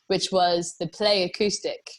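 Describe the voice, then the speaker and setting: A woman's voice: fairly low pitch, little pitch movement, a little slow. A young British woman from England, a musician chatting casually in an interview, rambling with many fillers and laughs. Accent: British English. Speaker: musician guest.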